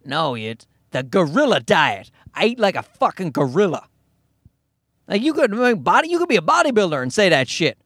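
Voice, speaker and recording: A man's voice: high voice, sing-song, normal speed, a bit bright, no echo, studio quality. A man hosting a podcast, rambling through a profane comedic monologue with bursts of mocking put-on voices. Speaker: podcast host.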